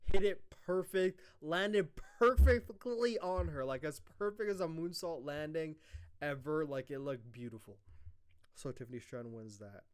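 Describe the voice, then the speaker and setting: A young man casually recapping a wrestling show, excitable and full of fillers and swearing. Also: on the high side, measured pace, clear, resonant tone. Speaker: wrestling review host.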